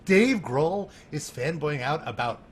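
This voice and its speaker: A man guesting on a podcast, telling an animated story with laughter and lots of "like" fillers. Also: on the high side, unhurried. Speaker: guest, music journalist.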